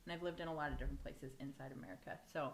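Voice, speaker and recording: A woman's voice: very deep voice, fairly even intonation, very fast, gravelly, a little hiss or hum. A woman hosting a podcast, chatting with a guest in a laid-back, easygoing way. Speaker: podcast host. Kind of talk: casual chat.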